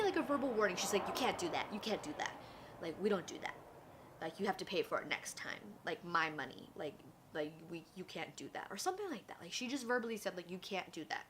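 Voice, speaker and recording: Woman, young adult, casual storytelling vlog, chatty, acts out quotes, faint background noise. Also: mid-range voice. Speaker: vlogger.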